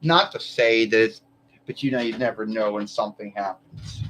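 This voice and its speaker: A man's voice: lowish voice, normal speed, a bit bright, poor audio. Rambling man hosting a live stream. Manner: meandering, loose, swears casually. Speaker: livestream host.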